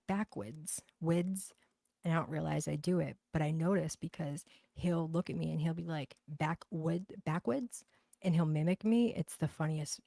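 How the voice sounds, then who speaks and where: A deep, gravelly woman with a thick Boston accent hosts a casual livestream, chatting bluntly with viewers and swearing freely. Her voice is mellow and low, and the recording is dry and close with no room echo. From New Bedford, Massachusetts. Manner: blunt, profane, chatty, gossipy. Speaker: livestream host. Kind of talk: casual livestream chat reading viewer comments.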